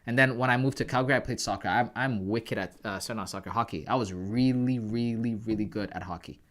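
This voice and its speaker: A man's voice: on the low side, quick pace, fairly bright tone. A man from Canada hosting a trading livestream, chatting casually and calling viewers "bro" and "guys".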